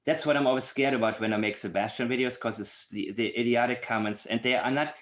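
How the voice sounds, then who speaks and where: A man's voice: mid-range voice, fairly even intonation, fast talker. A man hosting a livestream, talking in an emphatic, blunt way with asides to his viewers. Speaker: channel host analyzing a case. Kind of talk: casual livestream commentary.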